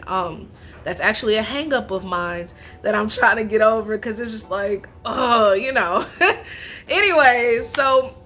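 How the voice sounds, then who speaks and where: A young woman reviewing a reality show in a casual, animated chat, full of slang and laughter. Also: mid-range voice. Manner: chatty and animated, laughs often, slangy asides.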